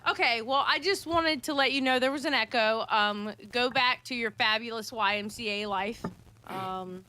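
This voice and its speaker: Playful woman caller, higher pitch, bright edge. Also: moderate pace, slight background noise. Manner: teasing, playful. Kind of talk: casual chat.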